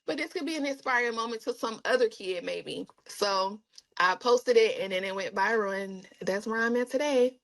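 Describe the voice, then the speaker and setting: A woman guest in a casual interview with a somewhat high voice, who tells her stories with lively animation. She often acts out other people's lines and breaks into laughter. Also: normal speed, poor audio.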